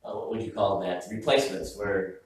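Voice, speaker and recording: A man's voice: low-pitched, fairly even intonation, a little fast, very echoey, far from the mic, slight background noise, low-quality recording. A man preaching a sermon as pastor in a casual, joking, conversational way, often stopping and restarting his sentences. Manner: conversational, joking, self-interrupting. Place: church sanctuary.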